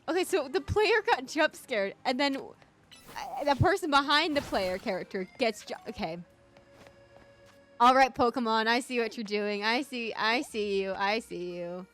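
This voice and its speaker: A woman's voice: sits high, a bit bright. Stuffy-nosed chatty woman streamer. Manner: chatty, rambling, talks to chat. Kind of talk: casual gameplay commentary.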